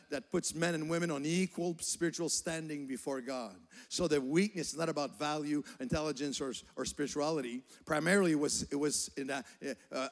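Older male pastor, earnest sermon delivery with stumbling repeats, slightly raised pitch, long hall reverb. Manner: earnest, repeats words while building a point. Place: church hall.

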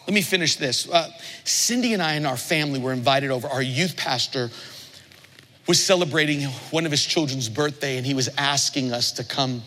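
A middle-aged man preaches in a large church with a high voice, telling stories with animated, playful imitations. His tone is bright and forward. The sound rings out with the long reverb of the hall. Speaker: pastor. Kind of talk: sermon.

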